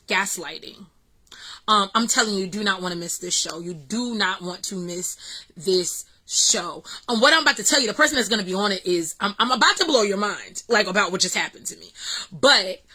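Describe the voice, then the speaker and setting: Excited, bright-voiced woman telling a story. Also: medium pitch, poor audio. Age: middle-aged. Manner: excited, animated storytelling with fillers. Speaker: vlog host. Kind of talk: casual storytelling vlog.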